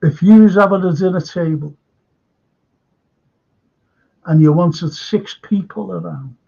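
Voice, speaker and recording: This older man with a Liverpool accent runs a live current-affairs stream, chatting in a rambling way and welcoming viewers from the chat. His voice sits high and is warm, creaky and a bit breathy, delivered unhurriedly over dull lo-fi stream audio.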